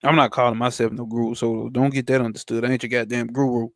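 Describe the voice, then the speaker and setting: A man teaching spirituality. He reads a text aloud slowly and breaks off into blunt, slangy asides with profanity for a live chat. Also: mid-range voice, flat delivery, dry recording, studio quality. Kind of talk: reading a text aloud and commenting on it.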